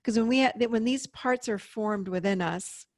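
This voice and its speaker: A woman in her fifties, a therapist, explaining in an animated way during an interview. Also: mid-range voice, a little slow, dry recording, clean studio sound. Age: 50s. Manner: animated, explaining with acted-out inner voices. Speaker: therapist and podcast guest. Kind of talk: interview conversation.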